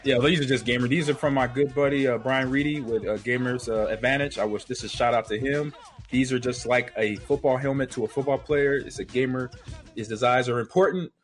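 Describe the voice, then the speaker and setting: Guy cohosting a gaming podcast, mid pitched, talks animated and laughs a lot. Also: brisk, faint music behind. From Houston, Texas. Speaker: podcast co-host. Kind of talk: casual gaming podcast chat.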